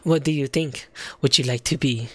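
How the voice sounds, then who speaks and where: A man voicing a cold, scheming female director villain in a video game, speaking slowly and menacingly in a lowered voice. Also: slightly rough, no echo, lightly acted.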